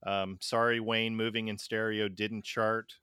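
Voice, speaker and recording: A man's voice: lowish voice, level tone, measured pace, bright, forceful tone, clean tone, no echo, studio quality. A man hosting a casual music podcast, chatting through chart trivia and quizzing his co-hosts. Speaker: podcast host. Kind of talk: casual music review chat.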